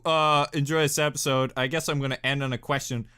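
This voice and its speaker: A young man hosting a casual reaction video, talking in an animated, giggly way that swings from loud bursts down to mumbles. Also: mid-range voice, a little fast, clear, resonant tone.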